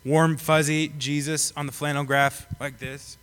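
A man's voice: a little high, flat delivery, a little slow, fairly bright tone, slight background noise. A young man giving a casual, joking sermon to a live audience. He rambles with many fillers and asides. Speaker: pastor. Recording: long reverb of a hall.

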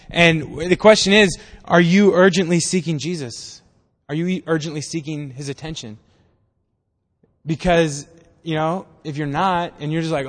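Male pastor, relaxed chatty sermon, slightly high voice, reverberant church hall. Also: moderate pace. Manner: casual, conversational preaching with acted-out voices.

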